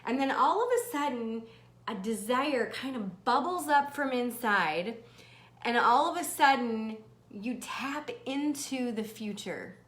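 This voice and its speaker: A woman hosting a live motivational stream in a bubbly, animated manner, laughing often and swearing casually. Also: fairly high pitch, measured pace. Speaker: host. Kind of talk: livestream motivational talk.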